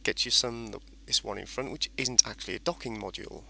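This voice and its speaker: A man's voice: mid-range voice, fairly quick, vocal fry, sharp tone, slight background noise. A man casually commentating a space game as he plays, rambling and explaining each step. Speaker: gameplay commentator. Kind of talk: casual let's-play commentary.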